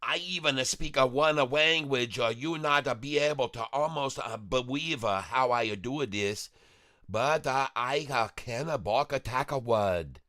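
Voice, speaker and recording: A man's voice: medium pitch, measured pace, pushed and bright, voice pushed up. A man voicing a boastful male character with a put-on Taiwanese accent and broken grammar, as a silly livestream bit. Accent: put-on Taiwanese-accented English.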